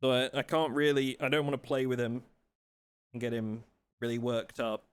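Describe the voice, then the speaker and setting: A man's voice: mid-range voice, fairly even intonation, normal speed, clean tone, dry recording. A man live-streaming a video game, chatting casually with his viewers and playfully complaining. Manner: playful, mock outrage, talks to his dog in a soft voice.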